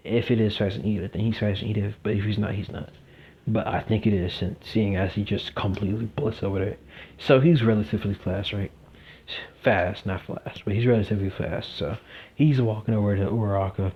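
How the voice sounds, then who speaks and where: A man's voice: on the low side, fairly even intonation, brisk, husky. A young man telling a fan-fiction story casually, rambling with lots of fillers, in a dull lo-fi recording.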